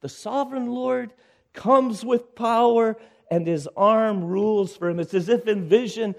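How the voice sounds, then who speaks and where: A male pastor preaching a sermon with urgent exhortation, rising to loud calls and dropping to hushed lines. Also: extremely high pitch.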